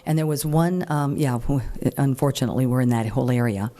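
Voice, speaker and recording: A middle-aged woman speaking at a meeting, telling a story in a chatty, frank way and jumping up high when she quotes people. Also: a little fast. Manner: chatty and animated, acts out quoted voices higher; frank and plain-spoken. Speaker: speaker at a political group meeting. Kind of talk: informal talk to an audience, storytelling.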